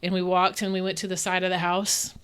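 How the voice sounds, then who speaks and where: A woman's voice: fairly low pitch, fast talker, smooth. A woman from Dallas, a guest on a faith interview podcast, telling personal stories earnestly, with frequent laughs and restarts. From Dallas, Texas. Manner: animated, earnest, laughs often, many restarts. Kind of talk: candid interview storytelling.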